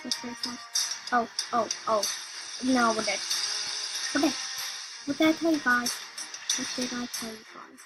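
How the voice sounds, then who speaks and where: A woman giving excitable, casual commentary on a video game she is playing, talking straight to her viewers and often repeating herself. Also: a little high, unhurried, long pauses, low-quality recording. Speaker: gaming video creator. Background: music.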